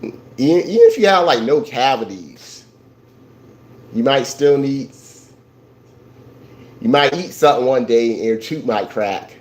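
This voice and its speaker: This man hosts a laid-back livestream, chatting to viewers about insurance while rambling, repeating himself, and starting sentences over. He speaks in a mid-range, animated voice at a measured pace with long pauses, and the recording is low quality.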